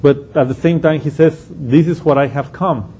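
A man's voice: on the high side, moderate pace, dark tone, husky. A man giving an unscripted Bible study lesson, explaining a passage step by step and thinking aloud as he goes. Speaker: Bible teacher.

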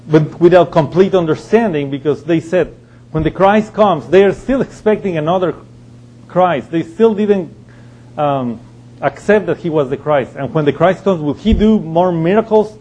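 A man's voice: fairly high pitch, dark tone, slight background noise, rough recording. A man teaching through a Bible passage verse by verse, reading scripture aloud and explaining it with frequent restarts.

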